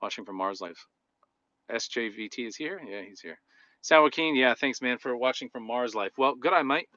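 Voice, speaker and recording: A man's voice: mid-range voice, moderate pace, bright, forceful tone, highs cut off. A man live-streaming from inside a car, chatting loosely and jokingly while reading out viewer comments. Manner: loose and joking, drifts between topics.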